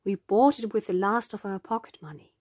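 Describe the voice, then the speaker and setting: A woman's voice: medium pitch, a little fast, a little mellow, dry recording, studio quality, lightly acted. A woman doing a kind young boy. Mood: earnest. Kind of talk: storybook reading.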